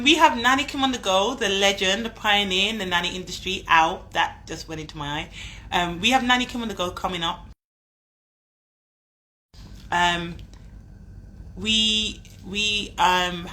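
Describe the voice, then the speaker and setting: A woman's voice: medium pitch, pushed and bright, low-quality recording. A British woman hosting a casual live-stream chat, talking in a chatty, effusive, slangy way. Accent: British English. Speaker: host.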